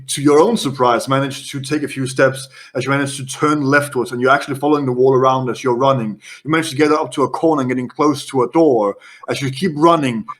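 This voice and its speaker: Man game-mastering a horror tabletop game. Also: medium pitch. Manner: descriptive narration, quick bursts of detail.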